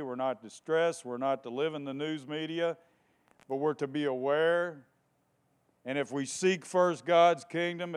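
A man preaches a passionate sermon in a slightly high, clean-toned voice, repeating phrases for emphasis and swinging between hushed tones and shouting.

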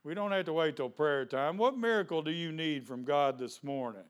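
Pastor guy, chatty sermon, lots of questions to the church, kinda high clear voice. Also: moderate pace. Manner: conversational preaching with rhetorical questions.

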